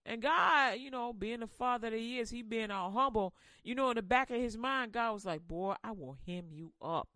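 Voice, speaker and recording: A woman preaching a casual sermon in slang, animated and quick to laugh. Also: fairly high pitch, no echo.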